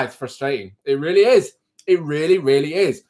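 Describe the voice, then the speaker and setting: A man's voice: fairly high pitch, animated, moderate pace, darkish tone. A man who coaches people, hosting a live stream and frankly ranting straight to his viewers in casual chat.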